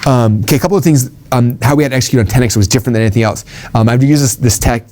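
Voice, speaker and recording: A man's voice: mid-range voice, racing, darkish tone, a little hiss or hum. A man giving an informal sales training talk, rambling with ums and restarts and acting out quoted conversations.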